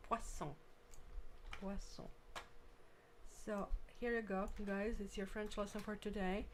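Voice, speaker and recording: A woman's voice: mid-range voice, level tone, a little slow, slight background noise. Chatty woman tarot reader on a live stream. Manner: chatty, reads viewer comments aloud, thinks aloud while working. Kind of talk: casual live-stream chat with viewers.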